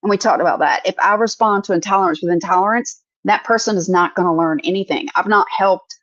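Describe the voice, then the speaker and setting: A middle-aged woman talks earnestly in casual podcast chat, slipping into little voices for the people in her stories. Her voice is mid-pitched. The sound is slightly muffled and very dry. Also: quick pace, a bit bright, no echo. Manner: earnest, storytelling with acted-out quotes. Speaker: podcast co-host.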